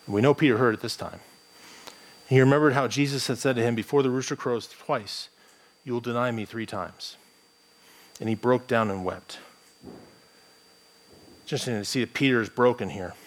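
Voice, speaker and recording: Man preaching a conversational sermon. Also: medium pitch. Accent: General American. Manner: conversational, thinking aloud with restarts. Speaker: pastor.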